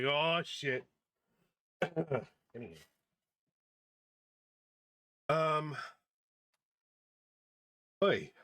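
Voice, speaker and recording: A man's voice: fairly high pitch, a bit bright, no echo. A man streaming a game from home, chatting casually and coaxing his dog. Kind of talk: casual chat while gaming.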